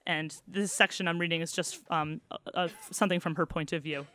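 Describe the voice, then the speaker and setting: Bright American woman reading her novel. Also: on the low side, dry recording. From United States. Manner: measured, expressive reading aloud, softer asides. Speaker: novelist reading at a bookstore event.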